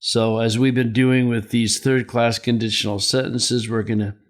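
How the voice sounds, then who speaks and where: A man's voice: mid-range voice, flat delivery, normal speed. An older man teaching a Greek lesson, explaining the grammar step by step and asking rhetorical questions. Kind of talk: slow, deliberate Greek lesson.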